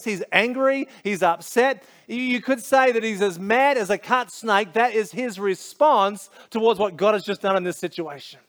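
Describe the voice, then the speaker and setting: An Australian man with a fairly high voice delivers a sermon. He talks like he is telling a story to friends, with casual slang and lots of asides. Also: a bit bright. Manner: conversational, storytelling, many asides. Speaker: pastor.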